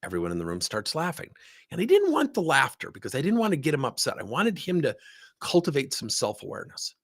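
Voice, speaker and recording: A man's voice: a little high, fast, husky. A man giving a leadership talk, telling a story and acting out both sides of a conversation. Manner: animated storyteller acting out dialogue. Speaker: leadership speaker.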